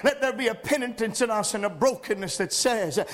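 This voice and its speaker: Male preacher, very high-pitched, impassioned delivery that swells into shouting. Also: a little fast. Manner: impassioned, rising to shouting with "uh" breaths. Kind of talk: sermon.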